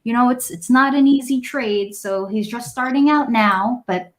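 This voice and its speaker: A woman voicing an old male merchant, head of a family trade, who talks haltingly and scolds his son. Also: fairly high pitch, pitched above the performer's own voice, lightly acted. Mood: proud. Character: old man merchant patriarch, proud then apologetic.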